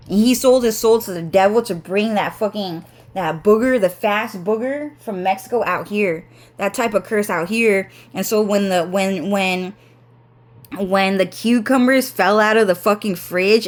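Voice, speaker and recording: A young woman with a congested, runny nose, telling a rambling story that is full of swearing, fillers and restarts. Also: medium pitch. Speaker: vlogger.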